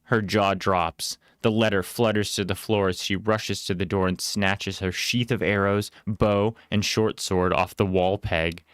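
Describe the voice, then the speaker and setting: A man reading a storybook aloud in a plain, unhurried way with small casual asides. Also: low-pitched, steady tone, a bit bright, clean tone, no room sound, studio quality.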